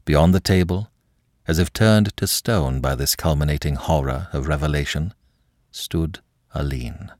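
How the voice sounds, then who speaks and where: A man narrating a classic novel in a dramatic, expressive way. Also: very deep voice, a little slow, no echo, clean studio sound. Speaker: audiobook narrator.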